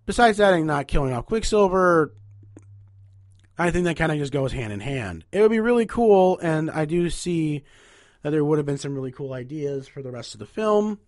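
A man's voice: a little high, animated, moderate pace, no echo, studio quality. A young man with a nasal voice hosting a casual, rambling podcast where he ranks movies. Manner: chatty, rambling, upbeat. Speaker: podcast host.

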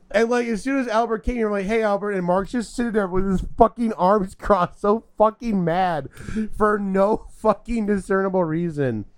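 A man's voice: high-pitched, normal speed, clean tone. A young man telling a profane, laughing story in casual chat with friends.

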